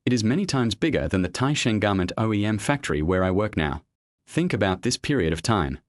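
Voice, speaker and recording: Lively low-voiced male narrator. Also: a little fast, dry recording. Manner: steady first-person storytelling. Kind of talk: narrated web comic recap.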